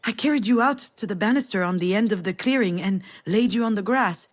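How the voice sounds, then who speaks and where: An actress playing a weary middle-aged mother who tells a family memory softly and intimately in a video game. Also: mid-range voice, brisk, close to an everyday voice. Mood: tender. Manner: soft, intimate storytelling. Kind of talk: game voice acting.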